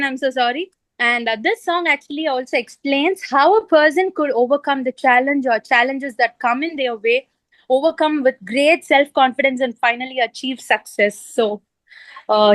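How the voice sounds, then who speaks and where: A woman composer and singer on a video call, out of breath at a railway station, talking haltingly with many fillers and apologies. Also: fairly high pitch, no room sound, low-quality recording. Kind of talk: video call panel talk.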